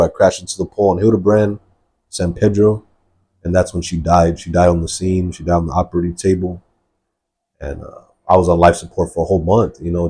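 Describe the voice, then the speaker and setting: A man with a low, dark voice tells his life story in a podcast interview. He talks earnestly and rambles, with a husky edge and many fillers. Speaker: guest sharing testimony. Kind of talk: personal testimony in a podcast interview.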